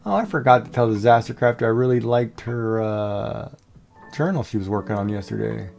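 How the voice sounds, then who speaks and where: A man's voice: on the low side, moderate pace, gravelly, darkish tone, soft background music. A man hosting a livestream, chatting casually and jokingly with viewers. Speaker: livestream host.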